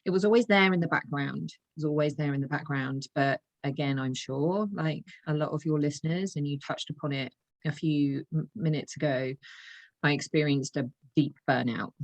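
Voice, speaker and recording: A woman's voice: low voice, moderate pace. A woman, a guest on an interview podcast, speaking earnestly and from the heart, laughing often as she talks. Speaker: guest, intuitive coach. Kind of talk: casual interview conversation.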